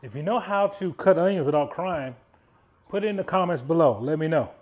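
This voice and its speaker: A man with a fairly high voice walks viewers through a grilling recipe step by step. He talks in a loose, chatty way and slips in joking asides to the audience. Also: fairly quick, darkish tone. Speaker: cooking channel host. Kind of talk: casual cooking demonstration.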